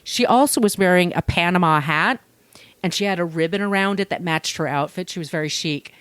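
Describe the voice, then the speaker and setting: A woman co-hosting a podcast, telling a true-crime story in casual, animated chat and swearing now and then. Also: lowish voice, a little fast, smooth, no echo. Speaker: podcast co-host.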